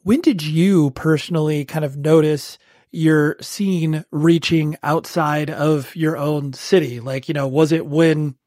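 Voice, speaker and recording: A man in his forties from Southern California interviews a guest, eager and halting, stumbling over the start of his questions. His voice sits a little high and the sound is dry and close. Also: fairly even intonation, a little mellow, no echo. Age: 40s. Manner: eager and halting, repeats words when starting. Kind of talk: casual interview.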